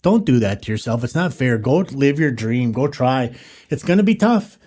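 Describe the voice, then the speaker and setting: A man co-hosts a podcast in an easygoing, motivational way. He speaks straight to the listener and sounds sincere. His voice has an average pitch. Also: lively intonation, normal speed, a little mellow. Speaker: podcast co-host. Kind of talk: casual conversation.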